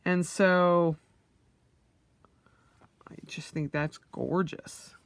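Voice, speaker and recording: A woman's voice: lowish voice, fairly even intonation, very slow, no room sound. A woman vlogger, middle-aged, unboxing purchases in a casual vlog, gushing with oohs and yays.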